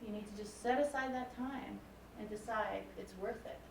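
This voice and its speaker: At a moderate pace and medium pitch, her voice a bit creaky, she lectures candidly and personally to the public. She's a music professor in her forties in a lecture hall; the distant mic captures the hall's roominess plus some faint hiss or hum.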